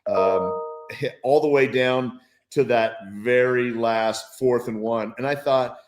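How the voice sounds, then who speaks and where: A man's voice: mid-range voice, steady tone, slow, roomy sound, music in the background. A male football analyst, a guest on a sports show, talking with enthusiasm and reflecting on a game. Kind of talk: casual sports talk.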